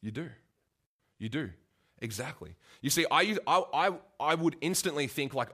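A man's voice: on the high side, lively intonation, moderate pace, pushed and bright. A man preaching a casual, conversational sermon, full of asides and restarts.

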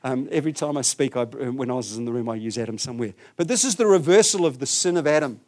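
A man preaching a conversational sermon, asking his listeners questions and swinging between loud, emphatic stretches and quiet, low ones. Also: expressive, fast.

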